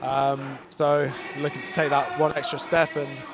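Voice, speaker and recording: A man co-commentating at a football match while getting over a cold, speaking hesitantly with many pauses and restarts. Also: mid-range voice, level tone, crowd noise. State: recovering from a cold. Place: outdoor football stadium. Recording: clear outdoor ambient noise.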